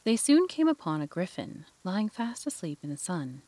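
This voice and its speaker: A woman narrating a classic children's story in an expressive reading voice. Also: fairly low pitch, normal speed, few pauses, no room sound.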